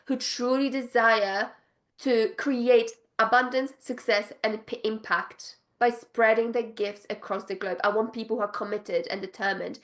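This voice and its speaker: A woman business coach speaking straight to her viewers, gushing and emphatic, repeating her phrases to drive them home. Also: a little high. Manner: bursts of excited laughter. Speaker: business coach for spiritual entrepreneurs. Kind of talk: direct-to-camera pitch.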